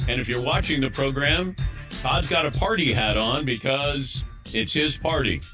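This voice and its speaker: A middle-aged man hosting a sports talk show, bright and forward in tone. He talks in a relaxed, conversational way. Soft music plays underneath. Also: medium pitch, moderate pace. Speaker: sports radio host.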